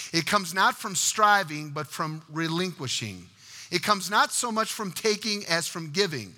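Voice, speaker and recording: A male pastor preaching a sermon, telling stories and acting out the voices in them, swinging from loud to hushed. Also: fairly high pitch, long reverb tail. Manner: storytelling, acts out voices with big swings in loudness.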